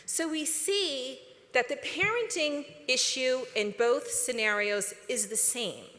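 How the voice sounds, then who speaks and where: A woman speaks to a conference audience in a bright, fairly high voice. She is chatty and animated, tossing questions to the crowd, and the long reverb of a big hall trails her words. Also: slow. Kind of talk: conference talk.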